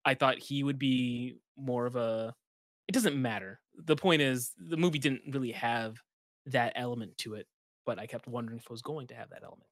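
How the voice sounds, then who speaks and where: A man's voice: mid-range voice, fairly quick, dry recording, studio quality. A man co-hosting a podcast, chatting casually and losing his thread mid-sentence. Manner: meandering, loses his thread. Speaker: podcast co-host. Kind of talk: casual chat.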